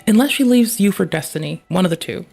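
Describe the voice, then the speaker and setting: A man's voice: sits high, expressive, quick pace, vocal fry, a little mellow, soft background music. A man streaming live, reacting to a clip with profane, ranting commentary.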